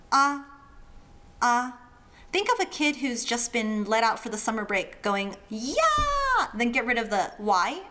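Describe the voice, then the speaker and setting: A woman's voice: fairly high pitch, fairly bright tone. A woman teaching language pronunciation in a playful way, acting out sounds with funny imitations. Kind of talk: friendly explainer lesson.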